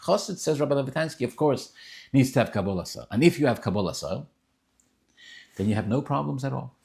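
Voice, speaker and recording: A man teaching a casual Torah lesson in a mid-range voice. He circles back on his words, restarts often, then jumps up in pitch and force to drive a point home. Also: brisk, vocal fry. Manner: animated, rising emphatic bursts, many restarts; sprinkles Yiddish and Hebrew terms. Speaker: rabbi teaching Tanya. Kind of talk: informal Torah class.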